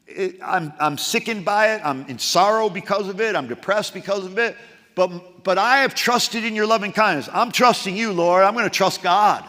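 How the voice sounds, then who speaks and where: A man preaching a sermon as pastor, swinging from loud, emphatic outbursts to hushed, quiet passages. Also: high-pitched, moderate pace, in a large hall.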